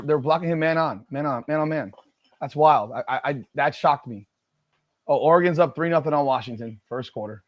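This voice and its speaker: Excited and repetitive, a man hosting a sports live stream yells at plays during a football watch party and goes off about rankings. His voice is fairly high, and there's no echo in the recording.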